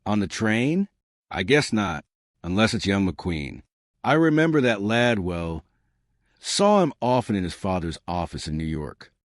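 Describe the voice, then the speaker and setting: A man's voice: lowish voice, big pitch swings, a little slow, no echo, studio quality. A man voicing a brash, middle-aged American private detective who talks bluntly and plainly. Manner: blunt and folksy.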